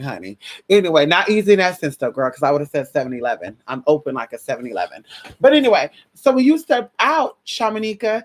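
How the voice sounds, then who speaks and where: Sassy, animated woman telling a story. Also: fast. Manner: sassy, animated, slangy, swings pitch widely acting out quotes. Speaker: vlogger giving advice. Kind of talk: casual storytelling to a viewer.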